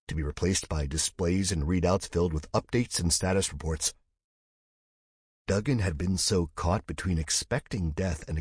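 Deep, husky male audiobook narrator. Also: no room sound, studio quality. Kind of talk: scripted sci-fi narration.

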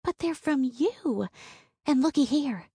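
A woman's voice: high voice, lively intonation, takes it slowly, mellow, no echo, clean studio sound, pitched above the performer's own voice, heavily acted. A woman voicing a poor, sweet-natured young country girl who talks in an earnest, wide-eyed way. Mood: excited, joyful.

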